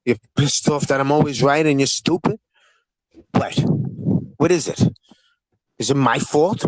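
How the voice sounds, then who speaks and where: A man's voice: a little high, dry recording, low-quality recording. Profane, needling male stream host. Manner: profane, needling, rapid-fire questions. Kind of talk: casual live-stream panel chat.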